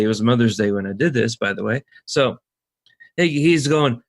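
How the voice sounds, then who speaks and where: A man's voice: expressive, moderate pace. A man co-hosting a podcast, telling a rambling anecdote in casual chat and acting out the people he quotes. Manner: rambling anecdotes, acts out quoted voices higher. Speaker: podcast co-host.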